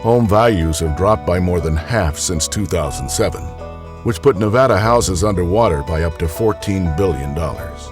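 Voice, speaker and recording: A man reading scripted documentary narration in a measured, even delivery. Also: low voice. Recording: voice-over with background music.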